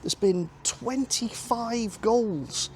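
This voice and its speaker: Speaking very slowly in a very high voice with a darkish tone, a man from North West England vlogs on the move, slightly out of breath as he heads to a station. It's casual chat about a football trip, full of ums as he thinks aloud. A handheld camera mic records it outdoors with a little hiss or hum.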